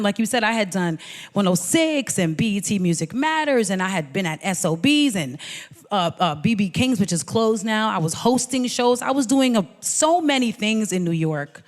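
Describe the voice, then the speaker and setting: A woman musician telling a lively, animated story at an artist talk, often quoting people in changed voices. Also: medium pitch. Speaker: guest musician. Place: hall at a museum. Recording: reverberant hall.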